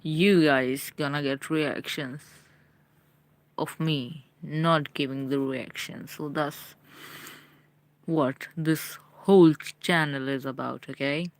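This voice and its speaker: Young female streamer from India, chatty with viewers, slow and low. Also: fairly even intonation, no echo. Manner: chatty, talks straight to viewers. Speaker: live streamer. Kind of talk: casual live-stream chat.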